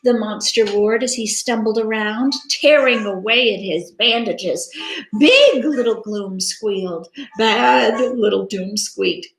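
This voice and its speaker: A woman's voice: medium pitch, slow, creaky, slight background noise. A woman reading a picture book aloud to children, dramatic and interactive, inviting listeners to join in. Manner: animated, interactive, dramatic gasps. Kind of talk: children's story read-aloud. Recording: echoey room.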